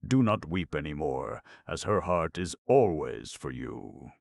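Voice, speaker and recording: A man's voice: rumbling low, big pitch swings, measured pace, vocal fry, a little mellow, no room sound, clean studio sound, full character voice. A chatty, fussing old aunt, as a man voices her. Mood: coaxing. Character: fussy, soothing provincial aunt, older woman.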